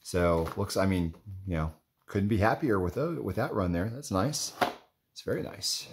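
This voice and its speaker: A man's voice: low-pitched, normal speed. A man in casual running commentary as he flips through trading cards, rambling and chatty with lots of filler words. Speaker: card collector vlogger.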